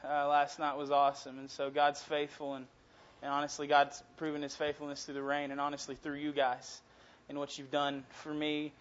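Upbeat young pastor preaching. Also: male voice, on the high side, normal speed, few pauses. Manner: energetic, enthusiastic, chatty. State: out of breath. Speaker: college pastor. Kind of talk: sermon with scripture reading. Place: church sanctuary. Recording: dull lo-fi sound.

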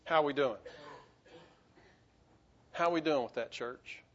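With lo-fi sound, a man gives a sermon as a pastor, sincere but prone to stammered restarts. His delivery swings between urgent highs and quiet, halting moments.

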